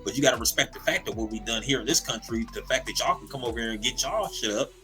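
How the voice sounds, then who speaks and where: A man co-hosting a casual comedy podcast, talking in an animated, profane way, laughing often and repeating words as he goes. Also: medium pitch, quick pace, soft background music. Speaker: podcast co-host.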